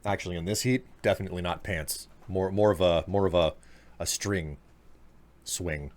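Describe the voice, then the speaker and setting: A man's voice: sits low, moderate pace, darkish tone, slight background noise. A man streaming a game live, chatting casually to his viewers while congested from allergies. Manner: chatty, talks straight to his chat, self-mocking. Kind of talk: live gameplay commentary.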